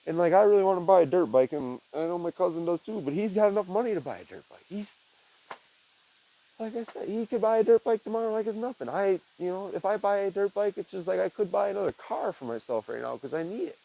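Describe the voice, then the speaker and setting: A man's voice: high-pitched, animated, fast talker, creaky, warm tone, a little hiss or hum, poor audio. A young man, a podcast host, talking in a rambling, reflective way and often saying "man" and "dude". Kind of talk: casual monologue.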